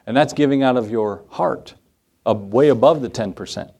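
A man preaching from the pulpit in a conversational way, with light humor mixed in. His voice sits at an ordinary pitch for a man. He repeats his key lines so they land with the congregation. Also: normal speed, warm tone, husky. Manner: repeats key phrases for emphasis. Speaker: pastor. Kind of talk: sermon.

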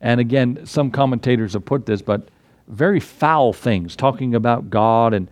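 A man's voice: mid-range voice, no room sound. A man preaching a sermon in a conversational way, talking straight to his listeners and acting out the lines of people in his stories. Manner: conversational, retells stories with lively acted quotes; talks directly to listeners.

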